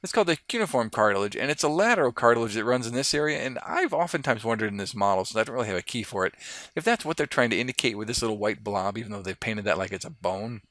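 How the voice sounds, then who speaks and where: Bright-voiced man teaching anatomy. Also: fairly low pitch, fast talker, no echo. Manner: explanatory, relaxed, with fillers and restarts. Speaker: anatomy instructor. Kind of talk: lab model walkthrough lecture.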